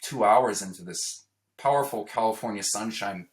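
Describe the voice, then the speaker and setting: A man from Toronto telling a personal story in a casual, animated way. He acts out the quoted lines and tags his sentences with "right?". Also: on the low side, moderate pace. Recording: roomy echo.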